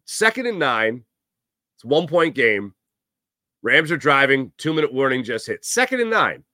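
Hosting a sports talk show, a man delivers a rambling, joking monologue of casual sports commentary packed with fillers. His mid-range voice is expressive and sharp, moving at a moderate pace. The studio sound is clean, with no room sound.

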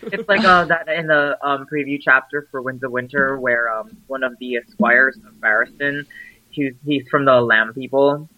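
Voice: medium pitch, normal speed, no room sound. A co-host on a casual comic-book podcast, talking chattily with hesitant fillers. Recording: tinny, phone-like remote line.

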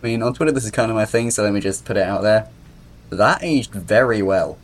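A man with a somewhat low voice sits in on a casual podcast. He states his opinions plainly and evenly. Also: brisk. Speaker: podcast co-host.

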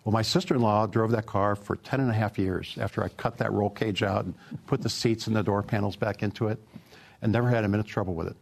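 A middle-aged man with a low, gravelly voice. He speaks as an automotive executive in an interview, easygoing and anecdotal, padding his answers with "uh" and "you know.". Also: fairly even intonation, fast talker. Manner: easygoing, anecdotal, many fillers.

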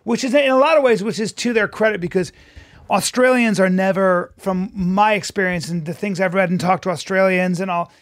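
A man's voice: high-pitched, fairly quick, no echo, clean studio sound. A man co-hosting a casual podcast, explaining things at length like a lecture. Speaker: podcast co-host. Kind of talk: casual chat.

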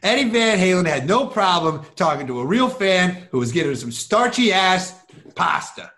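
Chat host, male, high and animated, blunt reactions. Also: moderate pace. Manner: reactive, laughing along, blunt. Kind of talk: casual chat.

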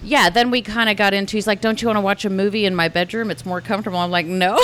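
A woman co-hosting a casual talk show, telling a dating story with animated acted-out dialogue. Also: mid-range voice, very fast. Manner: animated storytelling, acts out both sides of conversations. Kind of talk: casual chat.

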